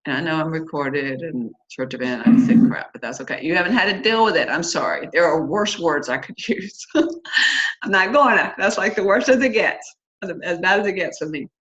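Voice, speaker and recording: A woman's voice: on the low side, expressive, normal speed, a bit bright. A middle-aged woman hosting a church singles class, talking casually and candidly with many fillers and asides. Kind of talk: casual talk to a church group. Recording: slightly dull lo-fi recording.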